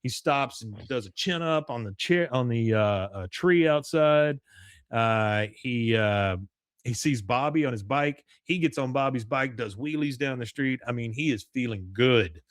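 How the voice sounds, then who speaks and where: A man's voice: medium pitch, unhurried, no room sound, clean studio sound. A man hosting a podcast, animatedly recapping a cartoon episode and quoting its characters with laughs. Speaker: podcast host.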